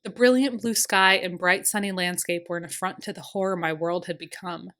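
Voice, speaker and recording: A woman's voice: on the low side, fairly even intonation, a little fast, fairly bright tone. A woman narrating a first-person historical romance audiobook in an earnest, emotional way.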